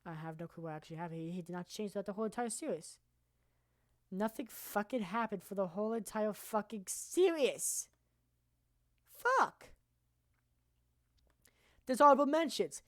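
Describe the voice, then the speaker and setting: A woman streamer presenting anime awards in casual, rambling, profane commentary that now and then bursts into loud shouting. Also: mid-range voice, expressive, normal speed, long pauses, no room sound, studio quality.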